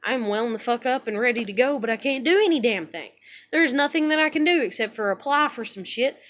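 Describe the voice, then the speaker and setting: High, bright-voiced woman venting profanely. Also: animated, a little fast. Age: 30s. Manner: profane, rambling, frustrated. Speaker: vlogger. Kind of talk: emotional venting monologue.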